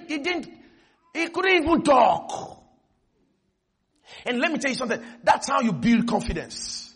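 A man preaching a sermon, telling a story with animated energy and bursting into shouts. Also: very high voice.

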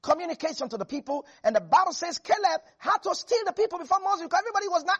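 A man preaching a lively sermon who acts out biblical figures and laughs often. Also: very high-pitched, fast talker, few pauses.

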